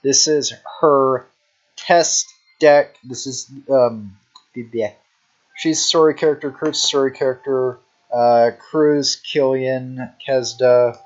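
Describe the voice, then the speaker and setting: Slow, rambling young man, lo-fi. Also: medium pitch, fairly even intonation. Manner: rambling, heavy on fillers like "you know"; unhurried, drawn-out delivery. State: sleepy, yawning. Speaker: deck showcase narrator. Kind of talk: casual rambling commentary.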